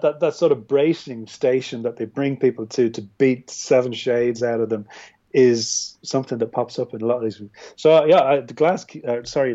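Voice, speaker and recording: Irish man with a dark, muffled voice. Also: mid-range voice. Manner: rambling, with many restarts and fillers. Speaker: filmmaker, podcast guest. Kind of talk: casual film discussion. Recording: dull, muffled audio.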